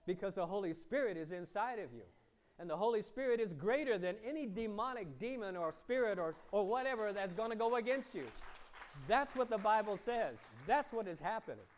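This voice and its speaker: A male pastor delivers a sermon, putting questions to his congregation and swinging from loud emphasis to hushed, low asides. His intonation is lively and his pace fairly quick.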